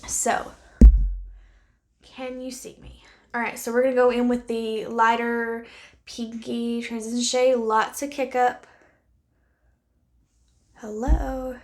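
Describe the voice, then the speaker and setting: A woman's voice: on the high side, flat delivery, takes it slowly, pauses often, slight background noise. A woman vlogging a casual makeup try-on, chatting candidly to the camera and thinking aloud as she applies it, sometimes dropping to near-whispers. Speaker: beauty vlogger.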